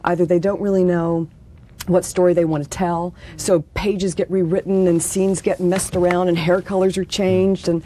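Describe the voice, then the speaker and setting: A woman guest on a studio talk show, speaking in a measured way and searching for her words. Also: lowish voice, little pitch movement, dark tone, slight background noise. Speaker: actress guest. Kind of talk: thoughtful talk show conversation.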